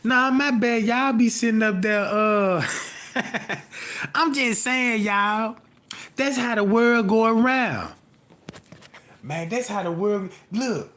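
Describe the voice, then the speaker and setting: A man with a high, bright, sharp voice rants in a loose comic monologue. He swears freely, drifts from one topic to the next, and keeps asking whether listeners follow him. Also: animated, takes it slowly. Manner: profane, repeats "you know what I'm talking about". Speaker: live streamer.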